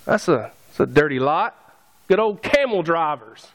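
A man's voice: fairly high pitch, sing-song, normal speed. A man preaching a sermon, conversational and joking with his congregation. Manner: conversational, jokey asides to the congregation. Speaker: pastor.

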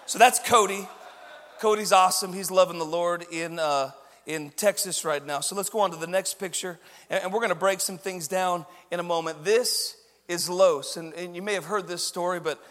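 A pastor with a high, bright voice for a man tells a story in his sermon, moving between quiet, confiding asides and loud, driving emphasis. His tone stays steady and his pace brisk, while a long reverb fills the large church hall around him.

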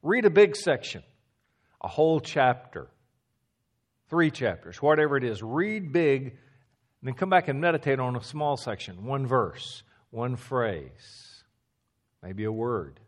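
A man preaching a teaching sermon, emphatic, repeating key phrases and dropping to a low hush for stress, with a few stammers. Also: animated, unhurried.

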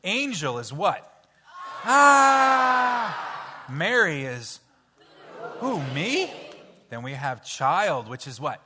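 A man leading an interactive children's Bible story in church, playful and coaxing as he cues the kids to shout sound effects. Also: medium pitch, sing-song, slow, heavy background noise. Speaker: children's pastor. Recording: hall reverb with faint music.

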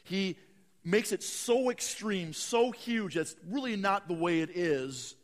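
A man preaching a sermon, swinging from hushed, slow lines to loud, dramatic bursts. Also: high voice, expressive, long reverb tail. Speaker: pastor.

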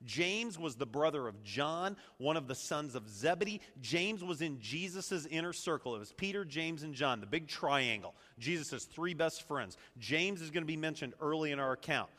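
Middle-aged male pastor, bright forceful preaching voice, slightly high, long church reverb. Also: normal speed, hardly any pauses. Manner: energetic preaching, call-and-response with congregation. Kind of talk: sermon. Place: church sanctuary. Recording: echoey hall reverb.

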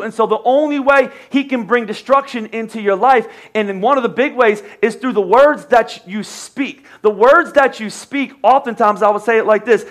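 A high-voiced man from the United States preaches a sermon. He speaks as a pastor in a conversational way, with joking asides and repeated phrases for emphasis. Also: a bit bright.

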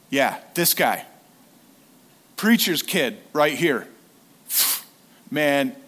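A lay preacher who used to be a youth leader gives a casual, conversational sermon and often puts questions to the congregation. His voice is a little high with a fairly bright tone.

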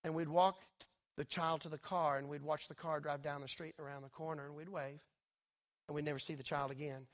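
Male preacher, high voice, works the room with big swells and quiet drops. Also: little pitch movement, fairly quick. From Texas. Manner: swells loud and high, then drops soft and intimate. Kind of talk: sermon. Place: church sanctuary.

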